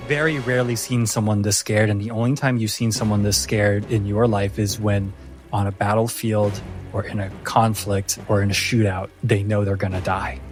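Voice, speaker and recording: A man narrating a tabletop game as game master, slowly and dramatically. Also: fairly low pitch, flat delivery, faint music behind. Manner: slow, dramatic descriptive narration.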